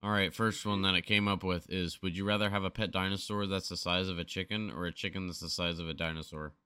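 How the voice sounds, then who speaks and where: Low-voiced young man, bright and dry. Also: fairly even intonation, quick pace, clean tone. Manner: steers the talk back to topic, reads questions aloud. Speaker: podcast co-host. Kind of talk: casual chat.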